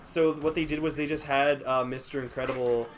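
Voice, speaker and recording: A man's voice: mid-range voice, steady tone, brisk, slight background noise. A young man chatting casually while playing a video game, rambling and self-mocking. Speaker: let's play host. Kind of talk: casual gaming chat.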